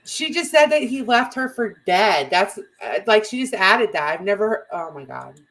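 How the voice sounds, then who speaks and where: A woman's voice: mid-range voice, very animated, moderate pace, fairly bright tone, rough recording. A woman giving casual reaction commentary, blunt and incredulous.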